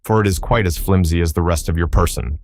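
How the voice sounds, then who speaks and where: A man's voice: low voice, quick pace, a little mellow, dry recording, clean studio sound. Man doing a sneering, rude wooden sawhorse. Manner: sneering, insulting.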